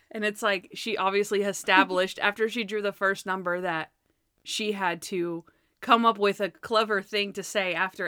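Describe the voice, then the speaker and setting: A young woman chatting casually as a co-host, retelling TV scenes with lively acted-out voices for the characters. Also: mid-range voice, clean tone, no echo, clean studio sound. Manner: animated retelling, acting out quoted characters in changed voices. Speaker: podcast co-host. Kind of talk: casual chat.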